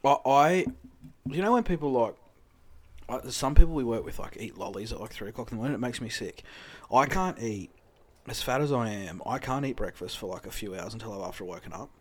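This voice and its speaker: A man's voice: medium pitch, brisk. An Australian man in casual podcast chat, rambling about his early-morning routine and cursing freely. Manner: rambling, swears freely, gets loud when riled.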